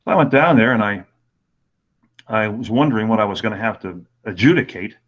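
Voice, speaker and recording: A man in his sixties teaching golf rules in a webinar, talking in a relaxed, halting way with many fillers. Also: lowish voice. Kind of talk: webinar lecture with anecdotes. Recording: dull lo-fi webinar audio.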